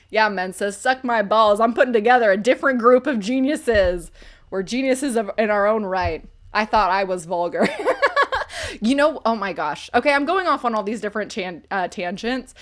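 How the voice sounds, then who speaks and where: A woman's voice: a little high, a bit bright. A woman hosting a casual livestream where she reviews books, talking in a chatty, rambling way and laughing often. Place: home computer setup.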